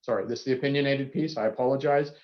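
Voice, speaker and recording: A man speaks as a psychiatrist on a panel, earnest and candid with the odd self-deprecating aside. His voice sits at an ordinary pitch. It comes through a video call with a muffled, lo-fi sound. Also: rapid-fire. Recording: dull lo-fi video call audio.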